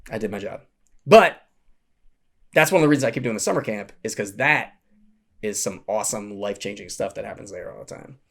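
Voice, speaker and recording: A middle-aged man, a podcast guest, telling stories in an animated, casual way and acting out quoted voices. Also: brisk, long pauses. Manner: animated storyteller, acts out quotes in a high voice. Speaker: podcast guest, Renaissance fair founder and educator. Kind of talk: casual storytelling chat.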